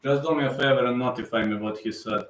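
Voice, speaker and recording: A man's voice: medium pitch, fast, roomy sound, poor audio. A man in his thirties hosting a live fight reaction stream, talking in an emotional, repetitive fan manner. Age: 30s.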